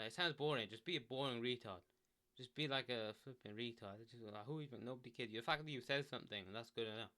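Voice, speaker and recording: A man with a mid-range voice talks fast, barely pausing, as he sits in a chair giving offhand self-help tips into a desk microphone. His relaxed solo talk rambles, with frequent "like," fillers, and restarts.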